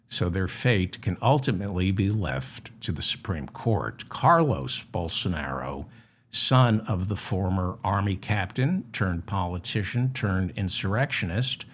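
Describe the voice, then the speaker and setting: A man delivers a comic news monologue in a mock-serious, deadpan tone. His pitch swings widely between low mutters and sharp indignant rises. He takes his time and speaks at an unhurried pace. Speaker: comedy news host.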